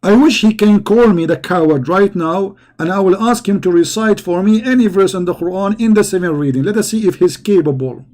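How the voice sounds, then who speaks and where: Man, high voice, combative, mocking, broken English, polemic monologue. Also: fairly quick, hardly any pauses, a little mellow. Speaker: religious debater.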